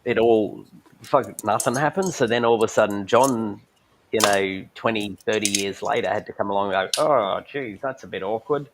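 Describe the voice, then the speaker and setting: A man with a fairly low voice talks in a loose, irreverent way and swears now and then. He is blunt and offhand. A faint hiss runs under the recording. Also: steady tone, moderate pace, fairly bright tone, poor audio. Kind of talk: casual chat.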